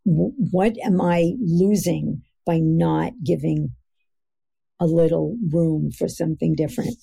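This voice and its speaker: A middle-aged woman speaking as an expert guest on a podcast interview, earnest and emphatic, slowing down to stress key phrases. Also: low-pitched, gravelly, warm tone, husky.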